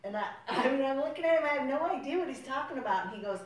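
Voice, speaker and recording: A woman's voice: high voice, expressive, racing, few pauses. A woman telling a rambling family story in a casual, laughing way, heard in a roomy space from a distance. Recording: roomy distant sound, faint noise.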